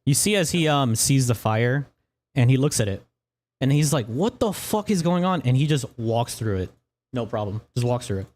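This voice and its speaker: A man's voice: mid-range voice, normal speed, a little mellow. Laid-back, swearing male game master. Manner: loose, profane and laughing. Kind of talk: narrating a tabletop game.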